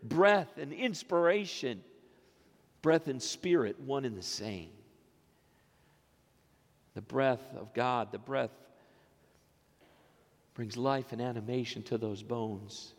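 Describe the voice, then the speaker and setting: A pastor in his fifties preaching a sermon, moving between quiet, low phrases and loud, rising exclamations. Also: animated, slow, pauses often. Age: 50s. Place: church sanctuary. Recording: long reverb of a church sanctuary.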